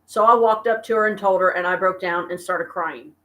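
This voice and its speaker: An exhausted, stressed woman venting to her viewers in a casual live-stream chat from her apartment, talking slowly and haltingly. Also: fairly low pitch, sharp tone. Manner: weary, venting, slow and halting. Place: home apartment.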